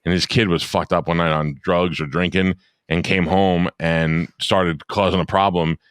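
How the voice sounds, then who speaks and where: A man's voice: low voice, little pitch movement, moderate pace, smooth, dry recording, clean studio sound. A middle-aged man co-hosting a podcast, bantering bluntly and profanely in casual chat. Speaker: podcast co-host.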